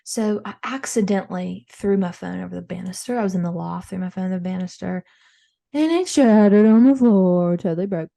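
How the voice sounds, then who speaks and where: A woman playing a frazzled, gossipy, well-off mom who hosts an improvised comedy podcast and rambles through animated stories with acted-out quotes. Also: on the low side, a little fast, creaky. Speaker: podcast host character.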